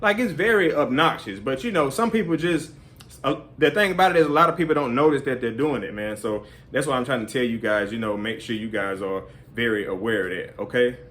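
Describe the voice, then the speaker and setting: A man's voice: mid-range voice, fairly quick, fairly bright tone. Rambling man full of fillers. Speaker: vlogger. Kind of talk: casual advice talk.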